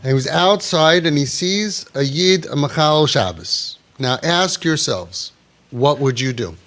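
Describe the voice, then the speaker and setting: Man, middle-aged, sermon storytelling, slightly high voice, animated, acts out dialogue. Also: unhurried. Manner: animated, acts out dialogue with sudden drops to a low murmur.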